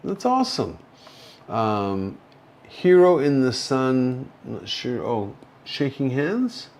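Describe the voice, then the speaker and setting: Canadian-raised guy on a hospital stream, super slow and loopy, slurring his words, lots of ums. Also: mid-range voice, big pitch swings, darkish tone. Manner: slow, rambling, halting with many fillers. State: drowsy and slurring from painkillers. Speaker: livestream host. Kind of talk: casual livestream chat reading viewer comments. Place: hospital room.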